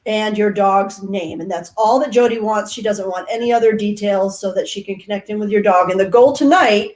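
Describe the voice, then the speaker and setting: A woman hosting a livestream, giving instructions and reading viewer comments in a steady manner. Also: mid-range voice, brisk. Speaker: livestream host.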